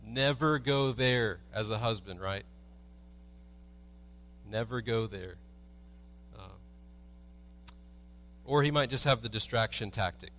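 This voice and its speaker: A man's voice: lowish voice, takes it slowly, pauses often, a bit bright, slight background noise. A man preaching a sermon as a pastor in a church, telling everyday stories with humor and asking the congregation rhetorical questions. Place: church sanctuary.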